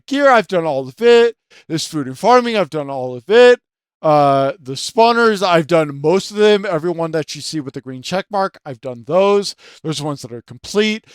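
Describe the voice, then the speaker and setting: A man's voice: high-pitched, no echo, studio quality. A man hosting his own channel, ranting about a video game in a profane, rambling way full of filler words, trying to keep his voice down late at night. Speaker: channel host.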